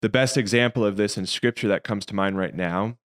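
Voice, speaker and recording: A man with a fairly low voice talks through faith questions on a podcast. He is earnest and reflective, laying out his ideas patiently. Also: a little fast. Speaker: podcast co-host. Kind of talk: casual faith discussion.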